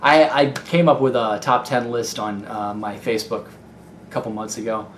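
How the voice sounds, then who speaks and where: A man's voice: mid-range voice, little pitch movement, normal speed. A young man from Ohio with a Midwestern American accent, a gaming YouTuber answering viewer questions in a rambling, candid way with lots of fillers. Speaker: YouTube gaming video maker. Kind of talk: casual Q&A vlog. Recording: echoey room with faint noise.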